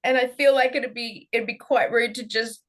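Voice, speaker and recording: An Australian woman plays out an improv comedy scene. Her voice is high, and she talks with giggly, halting restarts that keep the tone light and playful. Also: fairly even intonation.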